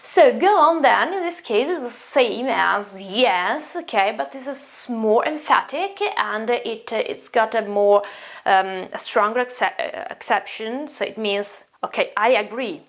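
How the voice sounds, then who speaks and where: A woman's voice: a little high, measured pace. A woman teaching an English lesson, explaining phrases with many fillers and restarts and repeating the examples with emphasis.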